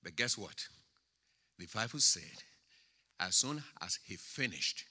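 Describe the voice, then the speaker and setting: Animated, sharp-toned preaching man. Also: deep voice, moderate pace, pauses often. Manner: emphatic preaching, swings from quiet to loud, stretches key words. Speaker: pastor. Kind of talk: sermon. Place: church sanctuary. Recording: church hall with long reverb.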